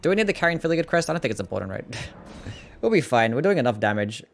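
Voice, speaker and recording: Australian guy, young, mid-pitched voice, easygoing game streamer who swears freely and chats with viewers. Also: very animated, racing, vocal fry, a little hiss or hum. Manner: laid-back, swears freely, answers chat. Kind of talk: casual gameplay commentary.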